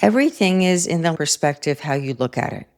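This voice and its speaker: A middle-aged woman speaks in a low, grounded voice, hosting a spiritual self-help talk. She is calm and reflective and weaves in personal stories as she goes. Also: brisk. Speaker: host.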